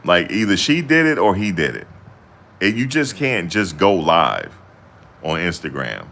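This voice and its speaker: A man's voice: low-pitched, very animated, a little slow, gravelly, pushed and bright. A young man chatting casually to camera in loose, slangy banter, often laughing. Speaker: vlogger.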